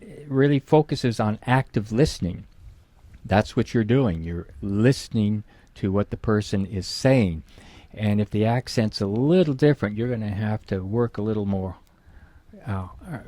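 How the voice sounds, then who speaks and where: A low-voiced middle-aged man explains things to an interviewer. He leans on key words and acts out the example phrases he quotes. The sound is close and dry. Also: moderate pace, darkish tone, no echo. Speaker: guest expert.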